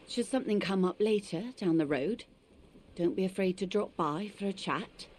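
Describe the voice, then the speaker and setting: A woman's voice: mid-range voice, normal speed, darkish tone, close to an everyday voice. Woman as a poised, shrewd negotiator. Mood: composed. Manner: polite, composed.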